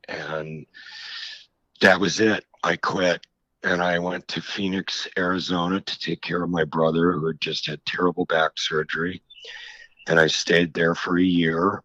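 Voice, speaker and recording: A middle-aged man speaks slowly in a low, deep voice, recounting his life frankly and reflectively, often restarting his sentences. The sound is dry and a bit dull, like lo-fi audio. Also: level tone, bright, forceful tone, no room sound. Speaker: author guest. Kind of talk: candid interview conversation.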